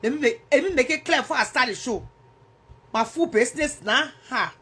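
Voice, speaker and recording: A woman's voice: sits high, expressive, brisk, bright, forceful tone, slightly rough. A woman with a Liberian English accent hosting a casual livestream, chatting and teasing viewers as she answers their comments. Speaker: livestream host.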